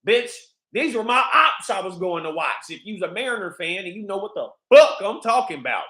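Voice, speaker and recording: A man's voice: sits high, sing-song, fairly quick, bright, forceful tone. A man hosting his own vlog, telling a rambling, profane story in a casual monologue. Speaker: vlog host. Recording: echoey room.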